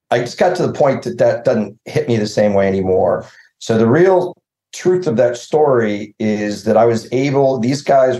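A man's voice: on the low side, mellow, roomy sound, rough recording. A man telling rambling, self-deprecating stories and laughing often in a casual podcast chat over a video call. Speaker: showrunner guest.

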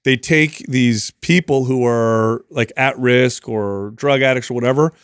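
A man in his forties telling stories in casual chat, animated, acting out the people he quotes. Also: medium pitch, unhurried, smooth, dry recording, clean studio sound. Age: 40s. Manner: animated storyteller who acts out quoted people. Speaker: podcast co-host.

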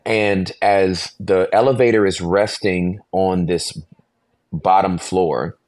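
A man's voice: sits low, slow pace, no room sound. A man in his forties, a pastor and podcast guest, telling a story animatedly and acting out voices. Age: 40s. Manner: animated storyteller, acts out voices, laughs often.

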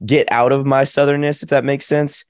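An actor and musician from Nashville, Tennessee, this young man speaks with a light Southern accent in a clear, resonant, mid-range voice at a moderate pace. As an interview guest on a video call, he chats, jokes and tells stories animatedly, and the recording is dry with clean studio sound.

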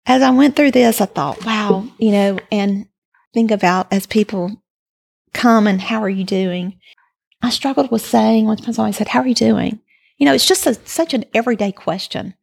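A woman's voice: fairly high pitch, normal speed, gravelly, darkish tone. A woman speaking as a podcast guest, sharing a personal faith testimony in an earnest, reflective way.

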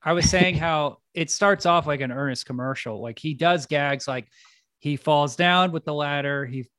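A man's voice: on the high side, normal speed, fairly bright tone, no room sound, studio quality. A young man co-hosting a casual chat, describing things in a wry, laid-back way. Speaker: podcast co-host.

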